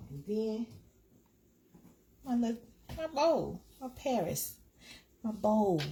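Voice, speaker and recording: A woman's voice: medium pitch, big pitch swings, takes it slowly, long pauses, noisy background. Chatty woman hosting a live stream. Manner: chatty, repeats herself, talks to viewers by name. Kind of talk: casual live-stream chat.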